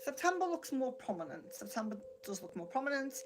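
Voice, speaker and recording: A woman's voice: a little high, animated, fast talker, few pauses, background noise. Chatty British woman hosting a live reading. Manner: chatty, greets viewers by name, many fillers. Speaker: psychic livestream host. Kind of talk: live-stream card reading chat.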